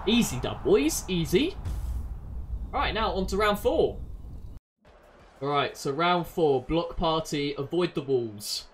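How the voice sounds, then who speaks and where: A woman commentating her own gameplay, excitable and yelling at other players. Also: low-pitched, slow, long pauses, a little hiss or hum. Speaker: gaming channel host.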